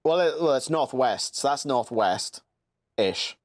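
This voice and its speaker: A man's voice: medium pitch, lively intonation, takes it slowly, dry recording. Laid-back Geordie man chatting. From northeast England. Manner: laughs often, swears casually, slips into mock accents. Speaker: podcast host. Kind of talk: casual chat.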